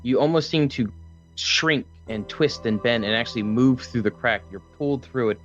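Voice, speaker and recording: A man narrating a tabletop game as game master, with steady, descriptive storytelling. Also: medium pitch, normal speed, highs cut off, soft background music.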